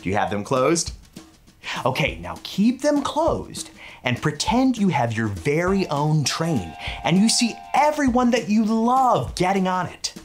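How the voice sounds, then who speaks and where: A man in a mailman role who presents a children's Bible lesson, playful and animated, and leads call-and-response games. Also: high voice, a little slow, faint music behind.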